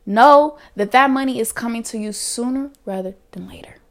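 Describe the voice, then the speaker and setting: A woman's voice: a little high, moderate pace. A woman hosting a casual solo podcast, chatty, repeating affirmations with emphasis. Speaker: podcast host.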